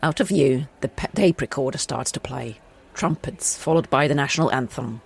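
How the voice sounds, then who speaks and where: A woman's voice: rumbling low, moderate pace, creaky, husky. A woman co-hosting a podcast who reads a story aloud and chats between passages. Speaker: podcast co-host and story reader. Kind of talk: casual chat and story reading.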